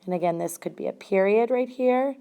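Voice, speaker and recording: A woman's voice: medium pitch, fairly quick, dark tone, smooth. A woman teacher giving a grammar lesson, explaining step by step and stressing single words.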